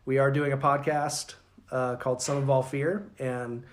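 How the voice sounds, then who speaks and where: A man's voice: medium pitch, little pitch movement, moderate pace. A man co-hosting a podcast with his wife, bantering playfully and joking in casual chat. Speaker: podcast co-host.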